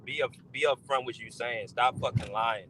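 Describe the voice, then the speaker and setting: A man's voice: medium pitch, normal speed, noisy background. A man co-hosting a basketball podcast, scolding a critic with frustrated profanity. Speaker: podcast co-host. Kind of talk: heated podcast rant.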